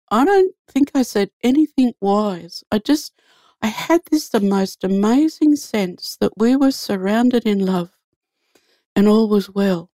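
Gravelly woman telling an earnest story. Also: mid-range voice, dark tone, dry recording, clean studio sound. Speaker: guest sharing a faith story. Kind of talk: conversational storytelling.

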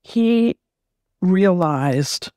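A middle-aged woman being interviewed, telling a personal story in a gentle, reflective way and often repeating words as she gathers her thoughts. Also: on the low side, animated, very slow, no room sound, studio quality. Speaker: interview guest.

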